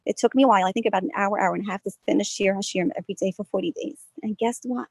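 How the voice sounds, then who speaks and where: A woman's voice: mid-range voice, fairly even intonation, very fast, husky, no echo. A woman giving a heartfelt personal testimony talk at a prayer gathering, speaking earnestly. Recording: dull lo-fi sound.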